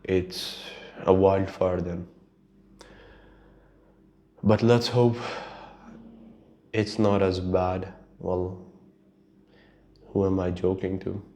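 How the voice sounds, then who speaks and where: Guy rambling solo on his podcast, low mellow voice, swears a lot, takes his time. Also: little pitch movement, very slow, long pauses. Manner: rambling, profane, laughs at his own stories. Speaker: podcast host. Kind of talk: casual solo monologue.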